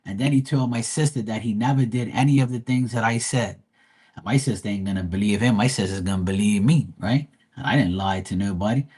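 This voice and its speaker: A man's voice: lowish voice, fairly quick, a little mellow, slightly rough. A man from Bermuda, retelling a neighbor quarrel in a profane, heated way on a casual livestream. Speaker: live tarot reader.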